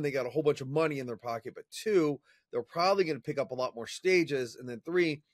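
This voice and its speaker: A man as an interview guest, telling a personal story in an energetic, chatty way with fillers and restarts. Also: medium pitch, dry recording, studio quality. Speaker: interview guest, professional speaker. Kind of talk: casual storytelling in conversation.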